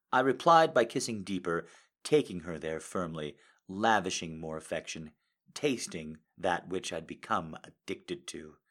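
A man reading a romance story aloud in a soft, intimate way, hesitant and full of fillers when he speaks off script. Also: deep voice. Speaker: reader of fiction.

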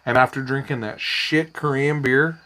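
A man's voice: medium pitch, moderate pace. Rambling, profane storyteller man. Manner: rambling, profane, animated anecdotes. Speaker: podcast co-host. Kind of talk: casual storytelling chat.

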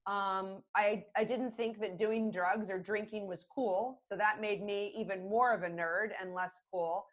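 A middle-aged woman talking as a communication expert on a podcast, animated and expressive, acting out the phrases she quotes. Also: medium pitch, unhurried. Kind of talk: conversational podcast interview.

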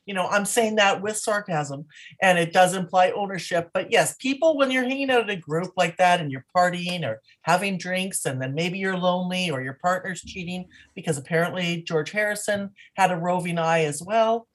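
A middle-aged woman co-hosting a podcast in casual chat, talkative and quick to laugh. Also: on the low side. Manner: chatty, laughs often, restarts sentences. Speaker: podcast co-host.

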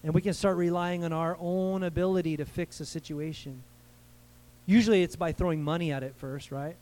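Male American pastor, light high voice, casual preaching style with audience call-and-response. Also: steady tone, fairly quick, darkish tone, poor audio. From United States. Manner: conversational preaching, asks the crowd for amens. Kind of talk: sermon.

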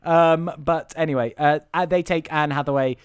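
A man's voice: on the high side, fairly even intonation, normal speed, clean tone, no echo, clean studio sound. A man co-hosting a podcast, recapping a film in casual chat, laughing and swearing, with plenty of fillers. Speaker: podcast co-host.

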